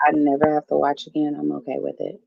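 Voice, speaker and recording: A woman hosting a live stream in a blunt, casual way. She loses patience fast and swears at her viewers. Her voice has a gravelly edge and comes through dry and muffled, like lo-fi stream audio. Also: sits low, completely flat delivery, dry recording. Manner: blunt, exasperated, swears at chat.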